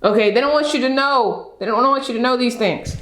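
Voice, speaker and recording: A woman's voice: a little high, fairly quick, a bit bright, echoey room, rough recording. A woman giving opinionated reaction commentary as a video host. She talks emphatically and lectures, driving home her points and repeating them with a pointed "okay?".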